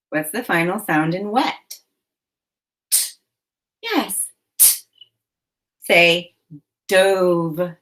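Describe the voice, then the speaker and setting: A woman teacher leading a children's phonics lesson, giving slow, deliberate prompts and then praising the answers. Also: fairly low pitch, a bit bright. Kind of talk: phonemic awareness lesson for children.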